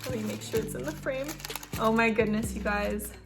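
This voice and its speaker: High-pitched excitable woman vlogger, gushing unboxing chat, music bed underneath. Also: normal speed, creaky. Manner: gushing, excitable, lots of "oh my gosh".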